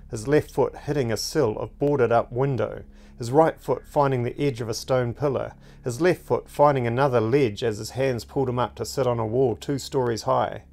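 A man narrating his own fantasy book in a measured, unhurried reading. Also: fairly low pitch, creaky, darkish tone. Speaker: narrator and author.

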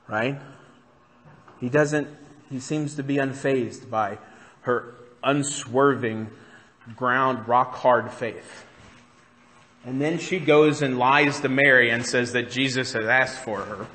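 A man's voice: medium pitch, slow, pauses often, fairly bright tone, big-room sound. A man preaching a sermon as pastor, talking in a conversational way and putting questions to the congregation. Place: church sanctuary.

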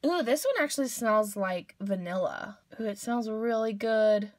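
Young woman unboxing squishies, kinda high voice, slow gushy talk, dry sound. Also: no echo. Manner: gushing, squeals and gasps over cute toys. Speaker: toy unboxing vlogger. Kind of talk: casual unboxing commentary.

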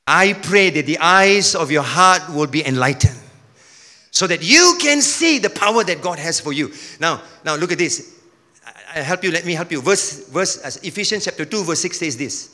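A man preaching a sermon with energy, now and then rising to a shout. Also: fairly high pitch, animated, normal speed, in a large hall. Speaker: pastor.

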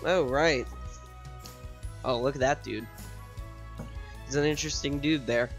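A man's voice: medium pitch, a little slow. A man streaming games at home, rambling and repeating words as he thinks aloud over faint music. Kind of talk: casual gameplay commentary.

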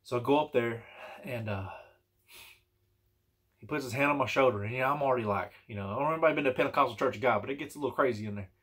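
A man's voice: mid-range voice, rapid-fire, fairly bright tone, husky. A man telling a personal story in a casual, rambling and earnest way, with many restarts and fillers. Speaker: vlogger telling personal stories.

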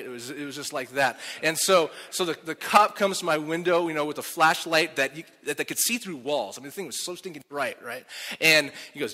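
A male pastor giving a sermon, telling stories in an animated, self-deprecating way. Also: fairly high pitch. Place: church sanctuary. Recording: reverberant church hall.

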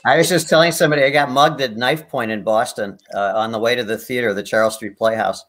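A man's voice: mid-range voice, fast talker, fairly bright tone. An older man, a guest performer on a video call, telling anecdotes in a rambling way with many restarts. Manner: rambling, many restarts, laughs at own stories. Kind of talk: anecdotal storytelling.

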